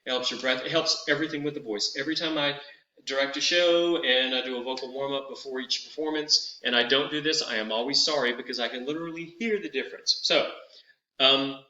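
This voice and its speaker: Patient voice teacher guy talking you through warm-ups, kinda dull roomy recording. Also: mid-range voice, steady tone. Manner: patient, instructive, slows to over-articulate drills. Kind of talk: guided vocal warm-up.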